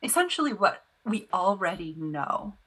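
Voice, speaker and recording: A woman guest in a casual interview, talking about tarot reading in an animated storytelling way, full of "you know" fillers. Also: mid-range voice, normal speed, husky.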